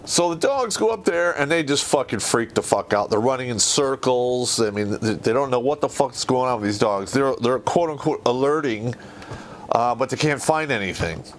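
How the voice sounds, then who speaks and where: A man's voice: mid-range voice, expressive, moderate pace, slight background noise. A man hosting a podcast who tells stories in a casual, rambling way and swears heavily. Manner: profane, rambling and conversational. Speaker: podcast host. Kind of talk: casual storytelling.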